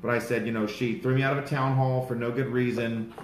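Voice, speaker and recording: A man excitedly recounting his day to a small group, rambling and growing heated as he goes. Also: medium pitch, fast. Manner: excited, rambling, grows louder and more heated. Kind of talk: casual storytelling to a small group. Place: outdoors in a city, among supporters. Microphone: handheld phone held by a bystander. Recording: echoey with background noise.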